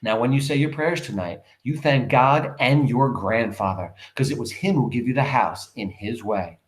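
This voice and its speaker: A man's voice: medium pitch, moderate pace, natural voice. A man reading a proud old grandmother. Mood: tender. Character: aging mother and grandmother, firm and proud.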